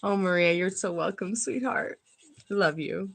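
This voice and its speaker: A woman's voice: fairly low pitch, normal speed, vocal fry, husky, poor audio. A woman giving a live-stream tarot reading, chatty and rambling and laughing often. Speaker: tarot reader. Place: at home.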